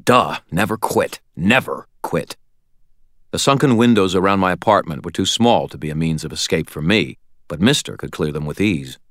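Deep-voiced man reading an audiobook. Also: a little fast, no echo, studio quality. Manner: wry, expressive storytelling. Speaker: narrator. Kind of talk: audiobook narration.

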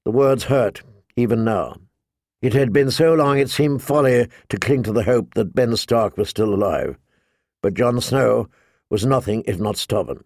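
A man narrating an audiobook in a slow, measured reading. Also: mid-range voice, animated, darkish tone, dry recording, studio quality.

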